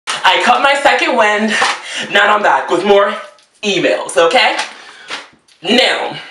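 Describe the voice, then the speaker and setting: Exasperated by the emails he gets, a fashion designer rants in a theatrical, sassy, animated comedic way. He speaks slowly in a high-pitched voice with frequent pauses, and the distant mic adds roomy echo and a little hiss or hum.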